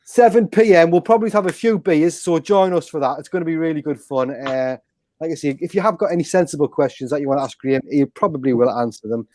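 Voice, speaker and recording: A man's voice: on the high side, quick pace, a little mellow. A man hosting a fan live stream, chatty and joking, often restarting his sentences. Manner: chatty, jokey, stumbling restarts. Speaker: host. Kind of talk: casual live-stream chat.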